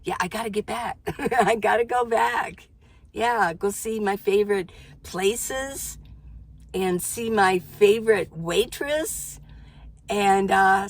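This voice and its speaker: An older woman chats to her viewers from inside her minivan. She is exclamatory and talkative, and she often stops herself partway through a thought to start it again. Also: medium pitch. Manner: chatty, self-interrupting, exclamatory. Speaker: van life vlogger. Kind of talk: casual chat to camera.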